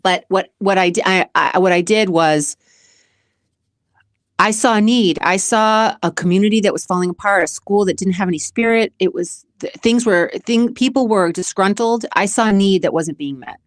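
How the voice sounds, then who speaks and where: Female vlog host from Massachusetts, mid-range voice, dry close sound; chatty, emotional, quick to laugh. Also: medium pitch, no room sound. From Massachusetts, USA. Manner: chatty and emotional, laughs often, restarts a lot. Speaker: show host and community founder. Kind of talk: casual vlog answering questions.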